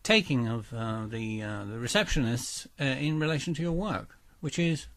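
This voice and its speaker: A man's voice: mid-range voice, moderate pace, fairly bright tone. A man hosts a mock-serious radio arts programme. His tone is pompous and stiff. He stumbles constantly over ums and restarts. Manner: pompous, hesitant, full of ums. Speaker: radio arts show host. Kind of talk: mock-serious spoof interview.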